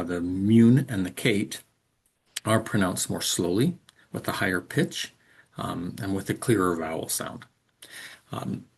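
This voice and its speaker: A man with a fairly low, gravelly voice that carries a husky edge. He explains things in a measured lecturing way and pauses often on "um". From English speaker. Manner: measured, explanatory, frequent "um" fillers. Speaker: instructor. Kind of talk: recorded lecture.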